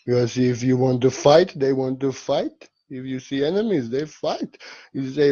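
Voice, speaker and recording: A man giving a gentle, rambling spiritual talk in halting, non-native English. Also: medium pitch, dull audio. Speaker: spiritual teacher.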